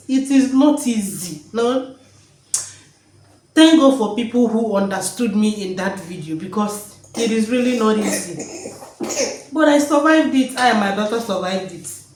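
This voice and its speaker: A woman's voice: on the high side, darkish tone, roomy sound, low-quality recording. A woman talking emotionally in a vlog at home, joyful and repeating her words. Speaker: vlogger. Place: home, indoors.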